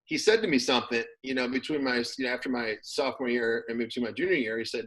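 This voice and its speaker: A man's voice: medium pitch, fast talker, few pauses, poor audio. A man, a former pro football player, talking casually as an interview guest, rambling with plenty of fillers. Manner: relaxed, rambling with many fillers.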